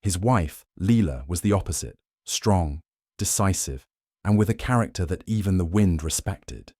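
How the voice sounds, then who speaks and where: A man narrating a scripted moral fable in a measured, dramatic way. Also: low voice, animated, a little mellow, no echo, studio quality.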